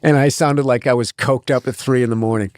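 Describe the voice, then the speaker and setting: A man's voice: medium pitch, steady tone, fairly quick, a little mellow, dry recording, studio quality. A middle-aged man, a comedian guest, telling rambling, profane anecdotes in a casual interview. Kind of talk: casual storytelling.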